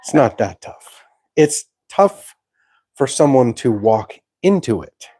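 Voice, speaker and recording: A man's voice: mid-range voice, sing-song, slow, mellow, slightly rough, no room sound. A man co-hosting a podcast, making short wisecracking jabs in casual chat.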